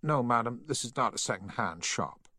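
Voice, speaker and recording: A man's voice: medium pitch, animated, normal speed, sharp tone, breathy edge, no room sound, studio quality, pitched above the performer's own voice. A man voicing a snobbish male tailor's shop assistant who lists items fussily and formally. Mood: prim.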